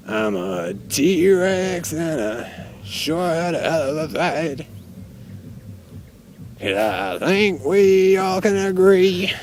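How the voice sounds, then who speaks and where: A man voicing a brash, hyped-up male Tyrannosaurus DJ with a put-on New York accent, half-shouting and rhyming. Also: high voice, gravelly, pitched above the performer's own voice, exaggerated voice. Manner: shouting, swaggering, sing-song rhymes.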